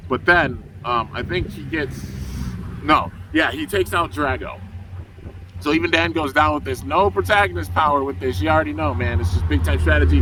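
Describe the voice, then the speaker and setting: A man's voice: on the high side, recorded from a distance, background noise. A young man casually recapping a cartoon episode for his channel, rambling with lots of fillers. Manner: laid-back, rambling, full of fillers. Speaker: YouTube reviewer.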